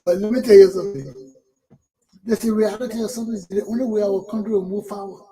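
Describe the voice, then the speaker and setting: Blunt, high-voiced man ranting. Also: fairly even intonation, fast talker, dark tone, low-quality recording. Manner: blunt and profane, repeats words, laughs often. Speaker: talk show host. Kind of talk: heated political commentary.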